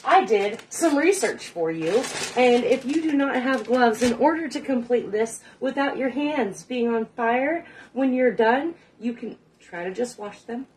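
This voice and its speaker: A woman's voice: fairly high pitch, expressive, measured pace, hardly any pauses, slight background noise. A middle-aged woman hosting a casual cooking livestream, chatting with viewers, swearing casually and laughing often. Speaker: cooking show host.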